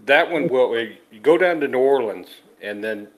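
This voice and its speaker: A man in a casual group conversation, telling anecdotes in a chatty way. His voice sits at a middle pitch for a man. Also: animated, normal speed, rough recording.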